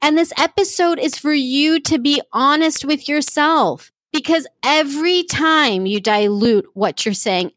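A woman's voice: high voice, fairly bright tone, dry recording, studio quality. A woman hosting a podcast as a coach, speaking straight to the listener in an emphatic motivational monologue with lots of repetition. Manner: emphatic, repeats phrases, direct address.

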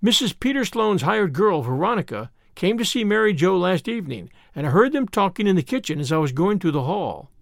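A man's voice: high voice, big pitch swings, brisk, gravelly, few pauses, dry recording, clean studio sound, full character voice. A man reading the part of an eager, earnest little boy with polite, old-fashioned speech.

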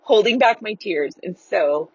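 A woman's voice: mid-range voice, expressive, a little slow, husky, no room sound. A woman guest telling a rambling, giggly, self-deprecating story in casual talk. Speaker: podcast guest. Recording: dull lo-fi recording.

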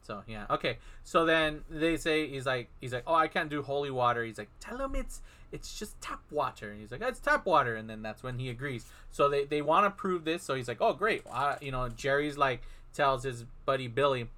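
A man's voice: medium pitch, fairly quick, hardly any pauses, pushed and bright. A man in casual chat, animatedly retelling a film plot and acting out the characters' lines.

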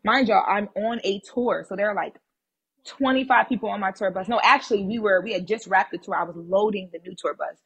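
A woman guest on a podcast, telling a personal story in a casual, animated and blunt way, swearing freely. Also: medium pitch, brisk, husky, dull audio.

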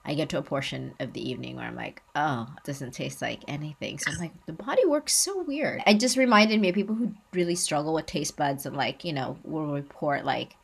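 A woman with a cold, talking in a relaxed, thoughtful way on a podcast, her voice raspy. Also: brisk, few pauses. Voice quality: lower and raspier than usual. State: has a cold. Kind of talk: casual chat.

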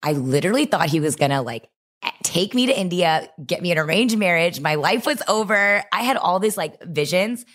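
A young woman with a notably low, deep voice, speaking as a podcast guest. She tells her story with energy and acts out her own inner thoughts and past doubts in quick asides. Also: expressive, a bit bright. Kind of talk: podcast interview.

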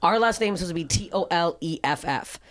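A woman's voice: fairly low pitch, expressive, fast. A woman from Canada, a comedian guest, chatting casually and telling rambling, profane stories full of "like". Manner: profane, rambling storytelling with lots of "like". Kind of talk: casual chat.

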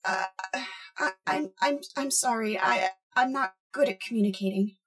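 A man's voice: high-pitched, a bit bright, soft background music, voice pushed up. A man voicing a timid, apologetic female machine being who stammers and halts. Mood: flustered. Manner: stammering, halting.

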